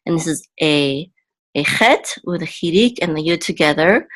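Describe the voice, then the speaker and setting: A woman teaching a reading lesson, patient and careful, often pausing with ums and repeating syllables. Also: low voice, expressive, fairly bright tone. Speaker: Hebrew teacher.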